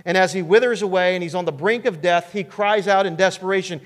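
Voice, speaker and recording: A male pastor preaching a sermon in an earnest, emphatic way with dramatic pauses. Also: high-pitched. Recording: long hall reverb.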